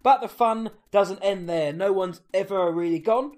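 Teasing young host, slightly high voice. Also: male voice, moderate pace, a little mellow. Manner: teasing, giggly. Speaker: podcast host. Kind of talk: casual chat, hosting a game.

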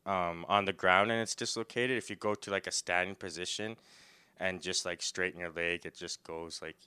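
A man chatting casually and laughing often, retelling a story with loud acted-out yells. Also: sits low, steady tone, moderate pace, smooth. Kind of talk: casual chat.

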